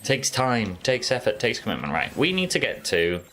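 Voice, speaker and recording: This streamer's medium-pitched, sharp voice swings hugely in pitch at a moderate pace, with slight background noise. He's a man joking and chatting with his viewers while casually commenting on his game.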